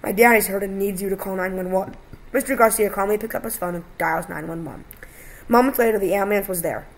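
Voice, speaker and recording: A woman with a gravelly, fry-edged voice reads a homemade story aloud over a video call. She stumbles now and then and gives the characters' lines a little voice of their own. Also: mid-range voice, fast talker, low-quality recording. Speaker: podcast co-host reading a story aloud. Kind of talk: casual reading of a story.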